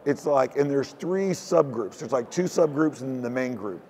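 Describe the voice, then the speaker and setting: A man's voice: medium pitch, lively intonation, normal speed, darkish tone, slight background noise. A man from Texas, talking as an interview guest in a rambling, looping way. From Houston, Texas. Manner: rambling, looping phrasing with frequent "it's like". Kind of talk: casual conversational interview. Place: hacker convention floor.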